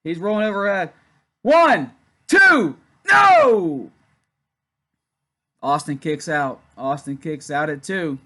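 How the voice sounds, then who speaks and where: A man hosting a wrestling watchalong, giving excited play-by-play with loud shouted counts and chatty asides. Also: fairly high pitch, moderate pace, few pauses. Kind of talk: excited live play-by-play commentary.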